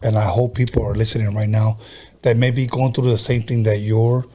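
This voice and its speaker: A man's voice: medium pitch, flat delivery, a little fast, dark tone, slight background noise. A man hosting a podcast who gives an emphatic, preachy pep talk, repeating his key phrases. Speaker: podcast host. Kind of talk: casual interview, encouraging talk.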